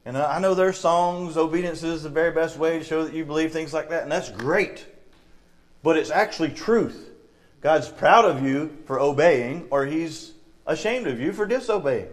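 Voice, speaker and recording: Man, middle-aged, Southern US accent, lay preacher, church sermon, storytelling, acts out the people in his stories, fairly high voice. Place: church sanctuary.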